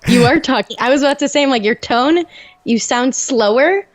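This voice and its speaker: A woman's voice: high voice, normal speed. A young woman from the Chicago suburbs co-hosting a pop culture podcast, chatting casually and rambling through stories with lots of fillers. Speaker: podcast co-host. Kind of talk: casual chat.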